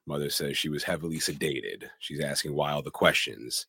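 A man's voice: rumbling low, brisk, creaky, pushed and bright, slightly rough, no room sound, clean studio sound. A man co-hosting a podcast, recapping a horror film scene by scene in a casual way. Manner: retells scenes plainly, acts out quoted lines. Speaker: podcast co-host.

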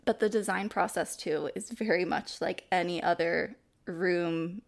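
A woman co-hosting a podcast in casual chat, animated and laughing as she acts out quoted lines. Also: lowish voice, measured pace, creaky. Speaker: podcast co-host.

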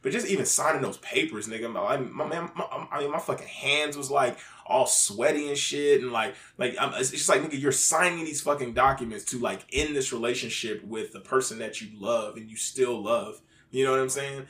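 A man's voice: medium pitch, moderate pace, hardly any pauses, fairly bright tone. A man in casual, candid chat, full of fillers and swearing freely. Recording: roomy echo.

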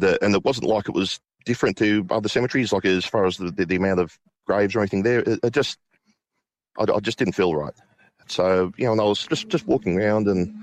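Deep-voiced man telling a ghost story. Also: no room sound. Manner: halting, many restarts and fillers. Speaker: guest.

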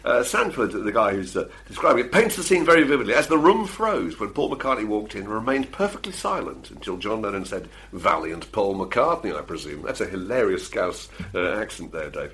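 A man's voice: lowish voice, very animated, fairly quick, hardly any pauses, fairly bright tone. A middle-aged man, chatting casually as a podcast co-host, self-deprecating and full of fillers and restarts. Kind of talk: casual chat.

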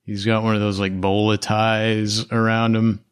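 Low-voiced man narrating as game master. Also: level tone, unhurried, smooth. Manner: casual, laughing, loose narration.

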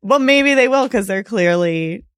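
A woman co-hosting a podcast in casual chat, laughing often and telling deadpan jokes. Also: medium pitch, measured pace, smooth, no echo, studio quality. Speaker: podcast co-host.

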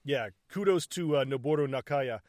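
A man's voice: medium pitch, normal speed, no room sound, clean studio sound. A man chatting casually about a film, swearing freely and acting out its lines. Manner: profane, animated, acts out scenes in quoted voices.

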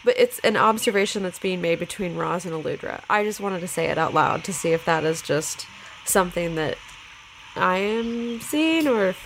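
Woman, low gravelly voice, musing tabletop player, hissy recording. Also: lively intonation, normal speed, poor audio. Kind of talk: casual in-character game chat.

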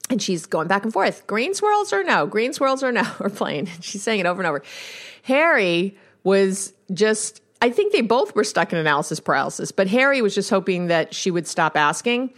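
A woman's voice: mid-range voice, sing-song, moderate pace. A woman hosting a podcast as a counselor, talking casually and telling stories with conversational asides. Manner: chatty storytelling, conversational asides.

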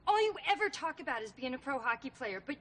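A woman's voice: high voice, big pitch swings, quick pace, a bit bright, pitched above the performer's own voice, full character voice. A woman playing a fed-up young woman who bluntly dismisses her partner in a film clip. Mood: scornful.

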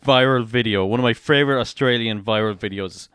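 A man's voice: mid-range voice, brisk, smooth, no echo, studio quality. An Irish man co-hosting a podcast, telling anecdotes with casual swearing. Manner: animated storyteller, swears casually. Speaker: podcast co-host. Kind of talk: casual chat.

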